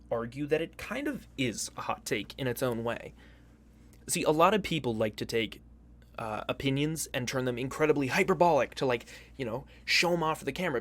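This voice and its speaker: A man's voice: mid-range voice, a bit bright. A man hosting a casual commentary video, profane, joking and hyperbolic. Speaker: YouTube host.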